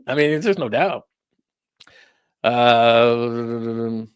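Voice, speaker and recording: Middle-aged male sports talk host, bright dry voice, rambling incredulous rant with restarts. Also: medium pitch, no echo.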